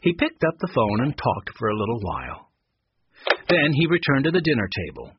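A man narrating a children's mystery story aloud in an expressive, lively way. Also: mid-range voice, moderate pace, muffled recording, noisy background. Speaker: audiobook narrator.

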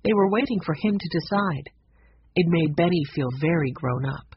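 An audiobook narrator reads a children's storybook in a steady, even way. The voice is husky and slightly breathy. The recording sounds dull and lo-fi. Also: mid-range voice, normal speed, dry recording.

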